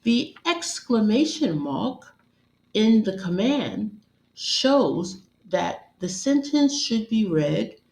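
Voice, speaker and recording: Slow, measured woman teaching grammar. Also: medium pitch, darkish tone. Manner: measured, deliberate, instructional. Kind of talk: scripted grammar lesson narration. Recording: roomy echo.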